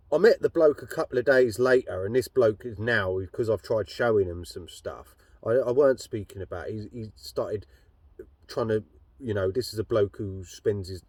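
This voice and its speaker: A man's voice: on the low side, darkish tone, no echo. A man telling a personal story in a blunt, rambling way, swearing heavily. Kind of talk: casual storytelling monologue.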